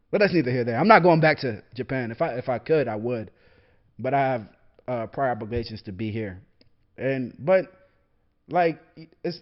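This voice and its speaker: A young man who hosts a podcast and served in the military delivers a heated solo monologue, his high voice swinging widely in pitch. He swears freely and repeats words when he gets worked up. The lo-fi recording sounds dull.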